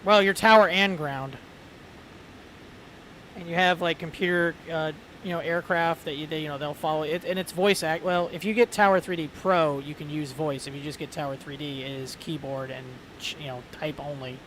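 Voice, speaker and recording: A chatty man talks loosely and rambles, packing his sentences with fillers. His voice sits a little high. A faint hiss of noise runs under the recording. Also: steady tone, normal speed, fairly bright tone. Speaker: flight sim streamer. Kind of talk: casual chat.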